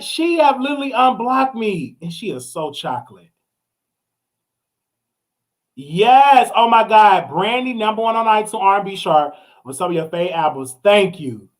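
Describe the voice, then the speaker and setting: A man hosting a casual live stream, excitable and chatty, breaking into shrieks and repeated exclamations as he talks to viewers. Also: high-pitched. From Texas. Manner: chatty, addresses viewers directly.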